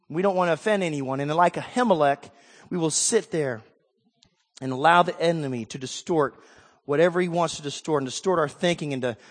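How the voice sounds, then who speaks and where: High-voiced man preaching in a hall. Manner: emphatic preaching, swings from quiet to loud. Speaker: pastor. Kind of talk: sermon.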